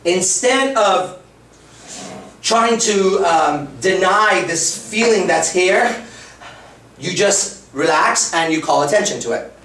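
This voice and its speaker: A man's voice: high-pitched, lively intonation, slow pace, a bit bright, slight background noise. A man in his thirties, a dating coach giving a live lecture in a blunt, profane, conversational way. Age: 30s. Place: lecture room. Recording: roomy, far from the mic.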